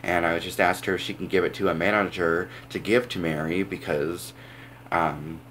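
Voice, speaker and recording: A young man with a very low voice tells a long personal story straight to camera. He wanders and restarts, leaning on "like" and "um", with a faint hum of room noise underneath. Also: steady tone, normal speed, a bit bright. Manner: rambling, filler-heavy, says "like" a lot. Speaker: vlogger. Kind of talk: casual storytelling vlog.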